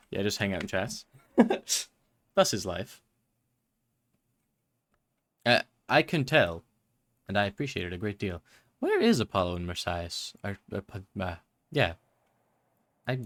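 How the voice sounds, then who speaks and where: A man's voice: lowish voice, sing-song, takes it slowly, pauses often, pushed and bright. A man streaming a game, chatting to viewers in a rambling, self-mocking way. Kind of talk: casual live-stream chatter.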